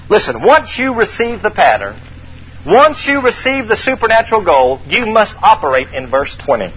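Male preacher, sermon, high lively voice, call and response, dull recording, faint hiss. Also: fast. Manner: animated call-and-response preaching, dramatic scripture reading.

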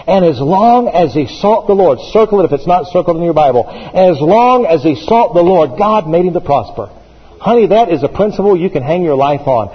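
A man's voice: fairly high pitch, expressive, moderate pace, breathy edge, in a large hall, dull audio. A man, a pastor, preaching a sermon with emphasis, repeating phrases as he builds.

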